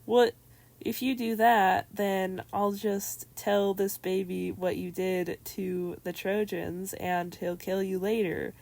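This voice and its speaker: A woman voicing an indignant, blustering male god in a mocking paraphrase, her voice raised and louder. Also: fairly low pitch, level tone, slow pace, creaky, few pauses.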